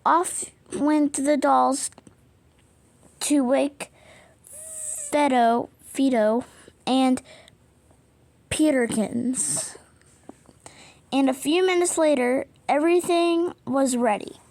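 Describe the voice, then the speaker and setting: A woman's voice: high voice, drawn-out words, vocal fry, long pauses, darkish tone. A woman reading a children's storybook aloud, stumbling over words and apologizing often, with the hiccups. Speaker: reader.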